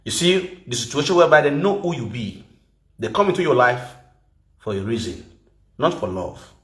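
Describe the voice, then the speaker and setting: A man with a Nigerian accent giving an animated, mocking rant to camera, mixing Pidgin and local words and laughing as he goes. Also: mid-range voice, moderate pace, reverberant. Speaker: social media personality.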